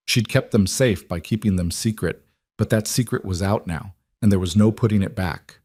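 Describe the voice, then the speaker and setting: Low-voiced male story narrator. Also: moderate pace, a little mellow, breathy edge, no room sound, studio quality.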